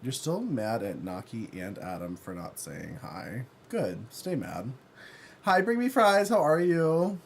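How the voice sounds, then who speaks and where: Campy, animated male streamer. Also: mid-range voice, measured pace, gravelly, a little hiss or hum. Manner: campy, playful, reads chat aloud; laughs often, yells when excited. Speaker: livestreamer. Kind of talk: casual livestream chat while gaming.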